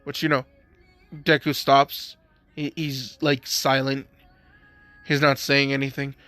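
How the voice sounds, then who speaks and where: A man's voice: mid-range voice, flat delivery, slow, sharp tone, no room sound, soft background music. A man casually narrating a fan-made story, rambling with many fillers. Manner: rambling, heavy use of "you know" and "like".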